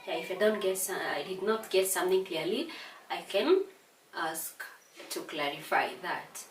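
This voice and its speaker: A woman with a Kenyan English accent teaching an exam revision lesson, explaining slowly and deliberately, with hesitations and repeated words. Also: lowish voice, animated, distant mic, a little hiss or hum. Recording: echoey room, voice away from mic.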